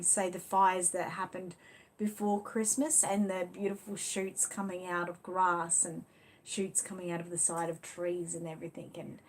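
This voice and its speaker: An Australian woman hosting a casual live stream. She talks in a loose, chatty way, answering viewers as she goes. Her phrasing is full of easy fillers and friendly asides. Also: on the low side. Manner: chatty, leans on "you know" fillers. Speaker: livestream host. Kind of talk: casual live chat reading viewer comments.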